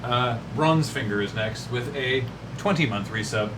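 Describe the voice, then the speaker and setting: A man's voice: medium pitch, moderate pace. A man co-hosting a stream, reading out subscribers and adding dry, laid-back remarks. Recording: noticeable background hiss.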